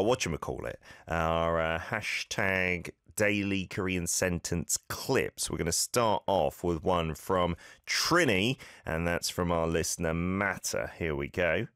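A man's voice: low-pitched, slow pace, a bit bright, clear, resonant tone, no room sound, studio quality. A man hosting a casual language-lesson podcast, chatty and playful, repeating phrases aloud to model them. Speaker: podcast host teaching Korean.

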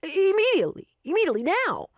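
A woman's voice: high-pitched, big pitch swings, normal speed, no echo, studio quality, pitched above the performer's own voice. A woman voicing a flustered, impatient male businessman who talks with exasperated urgency. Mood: urgent.

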